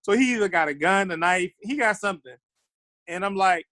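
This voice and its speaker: A man sits in on a podcast and rambles through stories in casual chat. He slips into the voices of the people he quotes. His voice sits a little high, and the close mic makes the sound dry. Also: lively intonation, brisk, pushed and bright, no echo. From Baltimore. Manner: loose storytelling, acts out quotes. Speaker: podcast guest.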